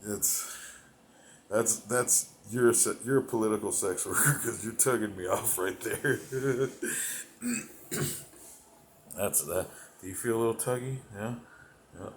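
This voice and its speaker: A man with a fairly low voice rambles through a profane comedic monologue, drifting from thought to thought and chuckling to himself. He lurches between sudden loud bursts and half-mumbled asides. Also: unhurried, long pauses, reverberant, a little hiss or hum, rough recording. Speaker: comedic performer.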